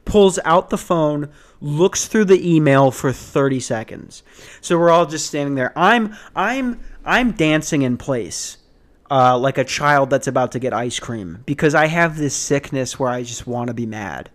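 A man's voice: a little high, lively intonation, unhurried. A man hosting a podcast, ranting casually in a rambling, profane, sardonic way with sighs and restarts. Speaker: podcast host.

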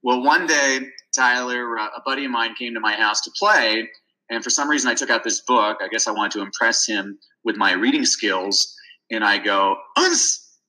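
A man speaks as a podcast guest in a very bright, forceful voice, full of energy. He tells stories with animated, enthusiastic delivery, keeping his pitch in a middle range. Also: moderate pace, rough recording. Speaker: guest, reading advocate. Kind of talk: storytelling interview talk.

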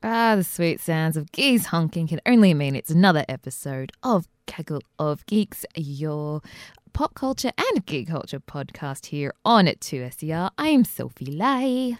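A woman's voice: sits low, big pitch swings, moderate pace, no room sound, clean studio sound. A woman co-hosting a podcast in casual chat, with wry quips. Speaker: podcast co-host.

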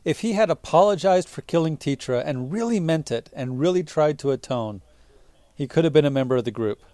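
A man's voice: a little high, animated, a little fast, dark tone, no room sound. A man co-hosting a podcast, chatting casually and opinionatedly about a video game story with exasperated asides. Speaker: podcast co-host.

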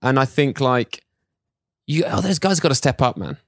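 A man's voice: medium pitch, expressive, normal speed, no echo, studio quality. British man telling a chatty story. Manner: chatty storyteller, calls people darling, laughs often. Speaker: podcast guest, fashion designer. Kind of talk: casual chat.

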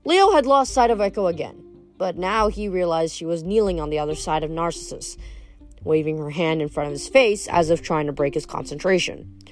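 A woman's voice: on the low side, brisk, darkish tone, faint music behind. Woman reading a novel aloud. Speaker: audiobook reader.

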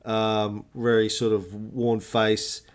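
A man, a podcast co-host telling a lively anecdote in casual chat, swearing freely. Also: on the low side, slow pace, clean tone. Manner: animated storyteller, swears freely.

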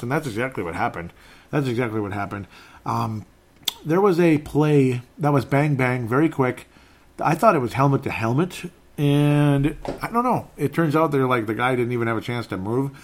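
Man, podcast host, casual rambling talk, mid-pitched, frequent laughter. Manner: rambling, chatty, laughs often. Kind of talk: casual live-stream chat reading comments.

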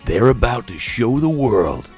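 A man voicing a dramatic movie-trailer narrator, slow and portentous. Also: mid-range voice, very animated, darkish tone, faint music behind, voice pushed up.

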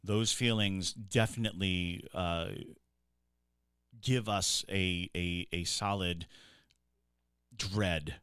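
A man's voice: low-pitched, steady tone, takes it slowly, pauses often, a bit bright, smooth, no echo, studio quality. A man co-hosting a podcast, chatting casually and rambling with fillers and restarts as he tells stories. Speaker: podcast co-host.

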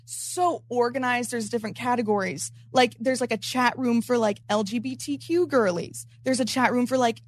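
A young woman casually telling a story, animated and slangy, often laughing and acting out what she said and thought. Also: a little high, moderate pace, hardly any pauses, no echo. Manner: animated, laughing, quoting herself; slangy and profane. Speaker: content creator.

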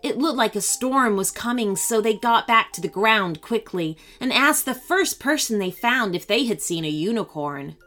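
Expressive woman reading a children's story. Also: on the high side, normal speed, few pauses, faint music behind. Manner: expressive, animated.

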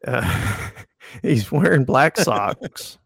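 A man's voice: medium pitch, lively intonation, drawn-out words, vocal fry, fairly bright tone, dry recording. A man who works as a fishing guide, telling a customer story in casual podcast chat with dry, easygoing humor. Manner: laid-back storyteller, dry humor, chuckles.

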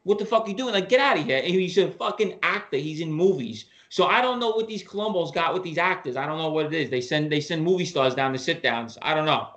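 Brief: high-voiced blunt male co-host. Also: fairly quick, few pauses, fairly bright tone. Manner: blunt storytelling, swears. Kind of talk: casual podcast chat.

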